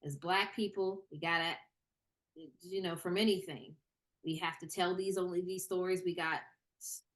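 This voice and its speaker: Casting: young woman guest, casual and animated, lots of "you know". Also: fairly low pitch, normal speed. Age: young adult. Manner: animated, many fillers and repeated starts. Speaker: screenwriter and actor, interview guest. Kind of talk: casual interview conversation.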